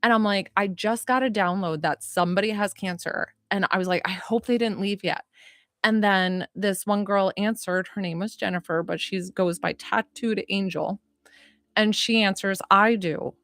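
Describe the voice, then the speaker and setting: A woman hosting a psychic livestream, chatting casually and excitedly, rambling and greeting viewers by name while still catching her breath. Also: mid-range voice, normal speed, dry recording, clean studio sound. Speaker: psychic medium livestream host.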